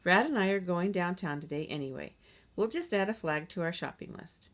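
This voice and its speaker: A woman reading as a cheerful, gentle mother. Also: on the low side, expressive, a little fast, close to an everyday voice. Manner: cheerful, soothing.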